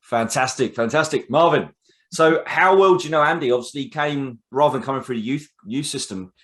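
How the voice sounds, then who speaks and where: A male podcast host with a middle-pitched voice who talks in a casual, easygoing way. He often pauses and fills gaps with "um" as he introduces guests and asks questions. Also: fairly bright tone. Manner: hesitant with frequent fillers. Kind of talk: casual interview.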